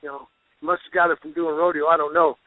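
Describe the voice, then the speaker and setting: A man who is a pro wrestler, a guest telling rambling, animated stories with restarts and folksy exclamations. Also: a little high, quick pace, no room sound. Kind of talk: storytelling interview. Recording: phone line, dry.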